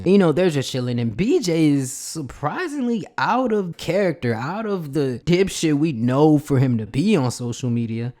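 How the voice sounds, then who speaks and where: A man's voice: fairly high pitch, a little mellow. Male vlogger, loose slangy recap with plenty of swearing, rambles on. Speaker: wrestling commentary vlogger. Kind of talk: casual storyline recap.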